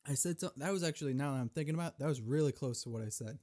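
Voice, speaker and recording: A young man hosting a casual solo podcast, telling stories in a profane, rambling, animated way, recorded on camera. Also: medium pitch, racing. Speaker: podcast host.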